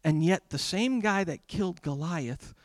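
A male pastor preaching a sermon, reading a psalm aloud with energy and then dropping to quiet, prayerful tones. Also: high voice, animated, measured pace, no room sound. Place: church.

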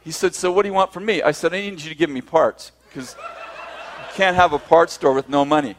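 A man's voice: fairly high pitch, brisk, slight background noise. A man telling a personal story to a group, acting out both sides of the conversations and often laughing as he speaks.

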